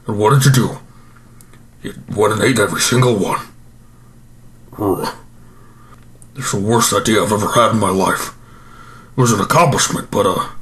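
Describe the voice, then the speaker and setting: A man's voice: fairly low pitch, fairly bright tone. A man doing a groaning, bloated Lex Luthor. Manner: groaning, rambling, self-pitying. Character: overstuffed self-pitying male supervillain, groaning, immobile. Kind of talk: improvised comedy monologue.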